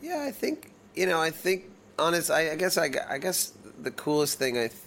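A man's voice: a little high, very animated, moderate pace, gravelly, fairly bright tone. A middle-aged man, a touring musician from the United States, talking casually in an interview and rambling with restarts and fillers.

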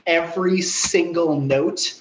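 A young man with a relatively high, nasal voice, chatting animatedly as a guest on a remote interview. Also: a little hiss or hum, rough recording. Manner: fast, animated, talkative, self-deprecating. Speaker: guitarist and songwriter, guest. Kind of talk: casual interview chat.

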